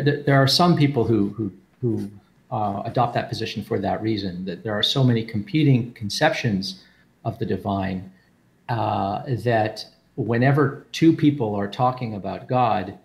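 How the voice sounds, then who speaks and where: A man's voice: lowish voice, creaky. A man explaining philosophy in a casual group talk, thinking aloud with restarts and repeated words over an online call.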